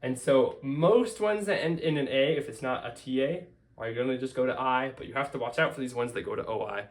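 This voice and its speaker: A man's voice: mid-range voice, fairly quick. A man teaching a casual whiteboard grammar lesson, explaining step by step and repeating key forms. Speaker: language teacher.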